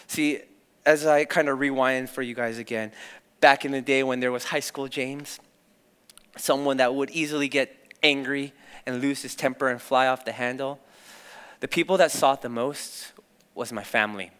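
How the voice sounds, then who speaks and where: A man's voice: medium pitch, steady tone, moderate pace, a bit bright, smooth. A young adult man preaching a sermon as a youth pastor, telling stories candidly and with animation. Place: church. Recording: long church-hall reverb.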